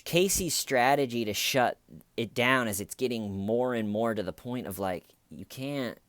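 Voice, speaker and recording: A man's voice: medium pitch, animated, measured pace, a bit bright, dry recording. A man recapping a true-crime case as a comedian, casual, blunt and sardonic. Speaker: comedian commentator.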